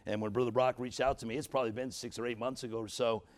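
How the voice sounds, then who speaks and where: A man with a New York accent delivers an energetic revival sermon. His voice is unusual and husky. He punches his words hard and keeps calling out to the congregation. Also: medium pitch, rapid-fire. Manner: fiery, emphatic, calls out to the congregation. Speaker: guest preacher. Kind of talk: revival preaching. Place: church sanctuary.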